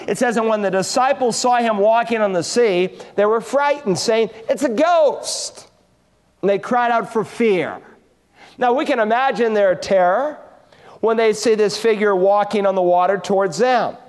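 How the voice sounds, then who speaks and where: A preacher with a high, bright-sitting voice delivers an expressive sermon to his congregation. He swings his delivery for emphasis and drops low and hushed on the tender passages. A long reverb trails each phrase, as in a church sanctuary. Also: normal speed. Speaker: pastor.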